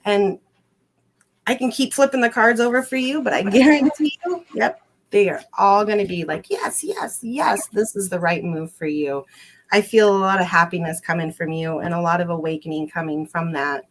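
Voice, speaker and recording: A woman's voice: medium pitch, moderate pace, slight background noise. A woman giving a psychic card reading on a livestream, effusive and giggly, often repeating herself. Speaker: guest psychic. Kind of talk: live-streamed card reading.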